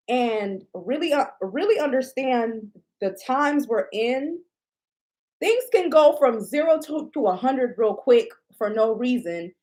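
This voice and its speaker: A woman who vents to her viewers in a casual, indignant monologue. Her delivery is blunt and profane, and she takes her time, drawing out her words at an unhurried pace. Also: a little high, darkish tone. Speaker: shop owner and vlogger.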